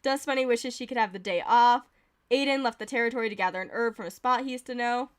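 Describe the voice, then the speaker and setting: A woman's voice: a little high, fast, clean tone. A woman streamer giving casual, giggly commentary as she reads game events aloud.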